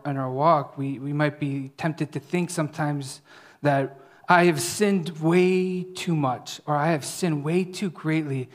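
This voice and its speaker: A preacher giving a conversational sermon, often checking in with the listeners and dropping to a soft, hushed voice when reading scripture. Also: mid-range voice. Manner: conversational, often asks "right?".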